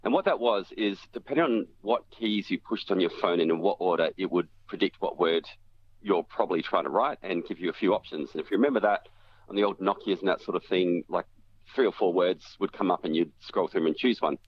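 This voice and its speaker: A man's voice: low-pitched, brisk. A man explaining phone technology on a radio show, step by step, with frequent fillers and restarts. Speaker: tech commentator. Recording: dull lo-fi radio audio with faint hiss.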